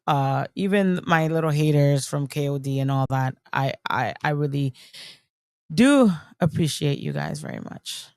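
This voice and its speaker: A woman's voice: low voice, a little mellow, no room sound, studio quality. A woman hosting a livestream, talking casually and emotionally, swearing often and rambling. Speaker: streamer host.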